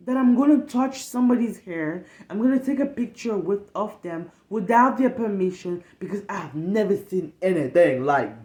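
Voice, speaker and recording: A woman telling stories in casual talk, animated and profane, acting out the people in them. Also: medium pitch, roomy sound. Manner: animated, profane, acts out the people in her story. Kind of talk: casual storytelling.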